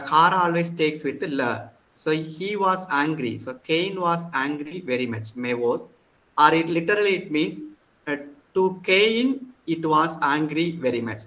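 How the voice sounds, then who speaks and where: A man with an Indian English accent lectures at an unhurried pace, sounding out each Hebrew word before explaining it. His voice sits a little high and comes across bright and forceful. He restarts his sentences often as he works through the text. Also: low-quality recording. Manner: frequent fillers and restarts. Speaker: Hebrew instructor. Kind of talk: classroom lecture.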